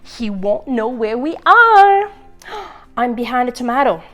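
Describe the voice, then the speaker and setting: A gang of giddy, squealing eggs, all put on by a woman in a storytime read-aloud. High and wildly swooping voices, carefree and playful, with faint music behind. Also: big pitch swings, slow, a bit bright, highs cut off, full character voice. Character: excitable gang of runaway eggs.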